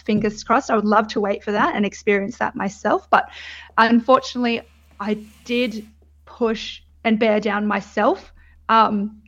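A young adult woman, candidly telling her birth story in casual chat, laughing often and swearing freely. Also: medium pitch. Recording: dull lo-fi sound.

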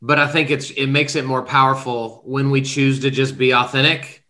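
A man's voice: medium pitch, steady tone, normal speed, pushed and bright. A man hosting a casual podcast interview, speaking conversationally with many fillers and encouraging his guest. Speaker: podcast host.

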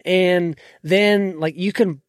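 A man's voice: fairly even intonation, slow, clean tone, dry recording, clean studio sound. A man hosting a podcast, casually walking through his recording apps in a tutorial and trailing off at the ends of sentences. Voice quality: not a deep voice. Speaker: podcast host. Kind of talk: casual screen-share tutorial. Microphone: desk microphone.

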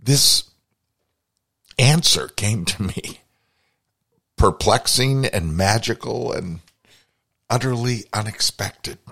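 A man's voice: lowish voice, slow pace, vocal fry, long pauses, fairly bright tone. A man hosting a podcast, telling a personal story in a reflective, confessional way. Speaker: podcast host.

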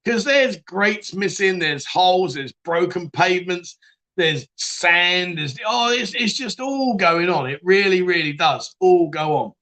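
A chatty man with a bright, high voice hosts a live chat show, reading out viewer comments in a casual live stream. He laughs often and tends to trail off and start his sentences over.

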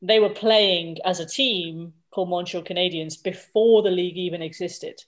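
A woman's voice: on the low side, steady tone, moderate pace. A woman co-hosting a casual podcast, chatty and explaining things in long lists. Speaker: podcast co-host.

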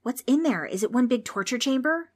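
A woman's voice: on the high side, lively intonation, a little fast, voice pushed up. Woman doing a nervous boy as a pirate. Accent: put-on pirate accent. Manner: blustering pirate bravado hiding nerves. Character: scared young boy playing a swaggering pirate captain. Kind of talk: storybook reading.

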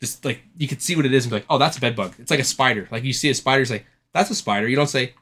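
A man's voice: medium pitch, very fast, fairly bright tone, breathy edge. A man co-hosting a casual podcast chat, telling a rambling story full of swearing and acting out the people he quotes. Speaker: podcast co-host.

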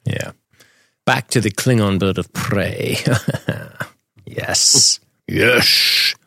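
A man with a low-pitched voice co-hosts a relaxed podcast. His banter is crude and jokey, with frequent laughter, recorded dry and close at a home setup. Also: very slow, gravelly, no echo. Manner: joking, profane, laughs often. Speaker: podcast co-host. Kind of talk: casual movie commentary chat.

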